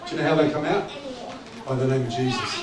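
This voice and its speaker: A man preaching a sermon as pastor, animated and joking in a conversational way. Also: medium pitch, quick pace. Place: church. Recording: echoey church hall from a distance with background noise.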